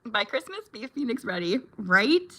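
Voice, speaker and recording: Woman vlogger, bright and forceful voice, fairly high, chatty and easy with her viewers. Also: very animated, moderate pace. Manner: chatty, laughs often, reacts to viewer comments. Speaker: vlogger and mom. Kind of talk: casual chat with viewers.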